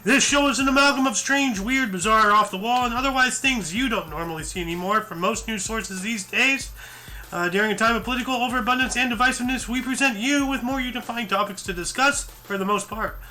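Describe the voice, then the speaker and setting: A man's voice: very high voice, a little fast, sharp tone, a little hiss or hum. A tired man hosting a news show, reading articles aloud and breaking off into rambling asides full of fillers and restarts. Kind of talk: casual news commentary read from articles.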